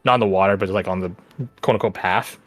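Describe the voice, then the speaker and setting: A man's voice: sits low, fairly even intonation, fast, no room sound, soft background music. A man running a tabletop game as game master, narrating loosely and filling his lines with "like". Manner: loose narration, many fillers like "like".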